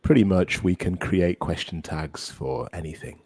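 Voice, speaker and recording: A man co-hosting a podcast English lesson, relaxed and affirming as he explains grammar clearly. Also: deep voice, measured pace. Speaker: co-host and English teacher.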